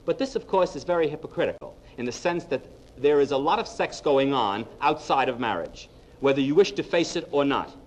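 A man's voice: fairly high pitch, fairly quick, slight background noise, poor audio. A man giving a humorous lecture on psychology to a live audience, telling jokes and speaking to the audience directly. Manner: lively storyteller, punchline-driven, addresses the audience directly.

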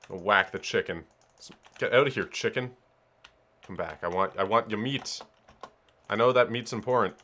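A man chatting through his gameplay, excitable and quick to swear. His voice is bright and sharp, with lively, wide swings of pitch. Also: gravelly. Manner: excitable, swears, talks to himself. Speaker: let's player. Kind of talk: casual gameplay commentary.

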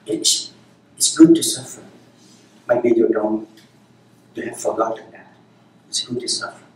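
A man's voice: fairly low pitch, unhurried, a little hiss or hum. A man giving a dharma talk as a Zen teacher, speaking unhurriedly in short, repeated phrases. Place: meditation center hall. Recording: very echoey hall, voice from far off.

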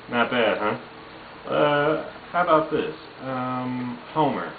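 A man casually introducing his voice impressions in a halting way, laughing between bits. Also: medium pitch, animated, a little hiss or hum. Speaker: amateur voice impersonator. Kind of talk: casual home video chat. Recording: tinny lo-fi echoey home recording.

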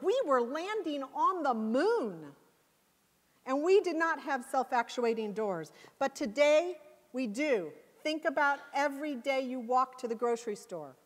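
A woman giving a passionate, emphatic conference talk. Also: high-pitched. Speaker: conference speaker. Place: conference hall. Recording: long hall reverb.

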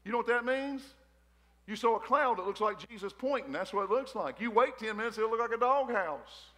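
A man's voice: high voice, expressive, brisk, fairly bright tone. A pastor preaching a sermon in a folksy, joking way, calling out to the congregation, emotional in his delivery. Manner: folksy, joking preaching with crowd call-outs. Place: church hall, a former gymnasium. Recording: long church-hall reverb.

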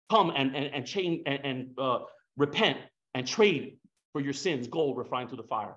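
A man's voice: on the high side, lively intonation, brisk, a bit bright. A man preaching a sermon with emotion, repeating his phrases for emphasis and slipping into casual slang. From Hispanic background. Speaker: pastor. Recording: dull lo-fi sound.

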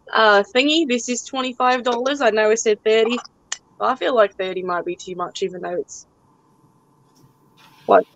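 A woman's voice: a little high, a bit bright, no echo, low-quality recording. A young woman hosting a live online auction, joking around in a put-on broken-English accent. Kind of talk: live sale chat.

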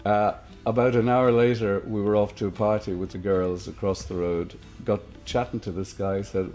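Deep-voiced Irish man telling stories. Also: normal speed, hardly any pauses, soft background music. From Ireland. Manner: relaxed storyteller, easy laughs. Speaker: interviewee, musician. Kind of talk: documentary interview, anecdotal storytelling.

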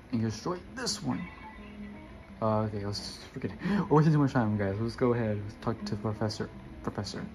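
A young man giving casual, rambling gameplay commentary and chatting to his viewers. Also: medium pitch. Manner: rambling, self-correcting, addresses viewers. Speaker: gamer.

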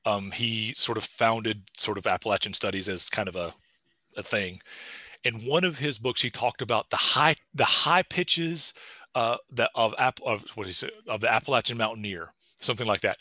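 A man giving a casual, animated seminar talk as a linguistics lecturer, full of lively rising pitch. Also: normal speed, no echo. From East Tennessee.

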